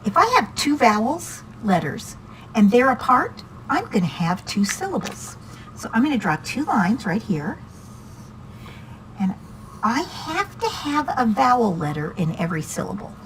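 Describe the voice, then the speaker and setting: A woman's voice: fairly high pitch, very animated, a little slow, a bit bright, a little hiss or hum, rough recording. A woman teaching reading one-on-one to a student, patient and encouraging, asking many questions.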